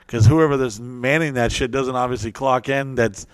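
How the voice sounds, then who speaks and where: A man hosting a podcast, telling stories in a casual, profane, animated way. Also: medium pitch, moderate pace, clean tone, no echo. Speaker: podcast host. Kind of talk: casual storytelling chat.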